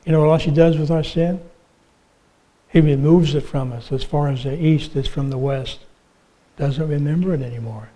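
A man preaching a sermon, telling illustrative stories and asking the congregation questions, with frequent "uh" pauses. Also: on the high side, warm tone, low-quality recording. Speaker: pastor.

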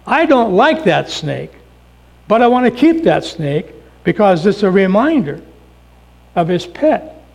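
A man's voice: sits high, sing-song, a little slow, vocal fry, long pauses, exaggerated voice. A man preacher voicing a grieving young woman, speaking in a raised, earnest, pleading way.

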